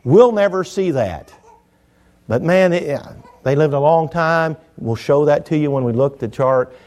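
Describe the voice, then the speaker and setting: A middle-aged man preaches a sermon with a slightly high-pitched voice. He tells it in a folksy, joking manner, pressing hard on some lines and dropping to quiet asides on others. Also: fairly even intonation, normal speed. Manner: folksy, jokey, swings between loud emphasis and quiet asides.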